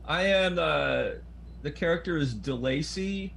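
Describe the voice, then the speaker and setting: A man chatting as a panel guest, telling his story in an animated, chatty way. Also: a little high, a little slow, gravelly, slight background noise. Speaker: panel guest, stage actor. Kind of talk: casual panel chat.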